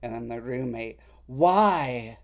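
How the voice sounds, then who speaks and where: A man delivers unscripted commentary at an unhurried, drawn-out pace. His tone is sarcastic and mocking, and he often stops and restarts his sentences. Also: mid-range voice. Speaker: political commentary host. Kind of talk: casual commentary, reading messages aloud.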